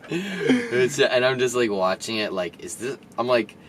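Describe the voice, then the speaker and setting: A young man co-hosting a podcast, laughing often and teasing his co-host as he tells animated stories, recorded on camera audio. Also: medium pitch, unhurried, a little hiss or hum. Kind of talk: casual chat.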